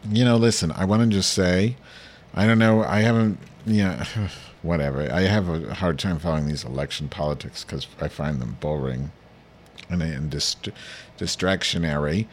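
Male comic host, very deep voice, crude deadpan rambler. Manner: crude, meandering, deadpan with filler-heavy storytelling. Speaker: podcast host. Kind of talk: rambling comedic monologue.

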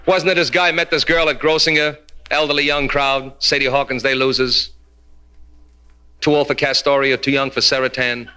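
A man's voice: medium pitch, pushed and bright. A man performing a stand-up routine in a club, teasing the audience and dropping Yiddish punchlines in a brash manner. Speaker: stand-up comedian. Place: live club before an audience.

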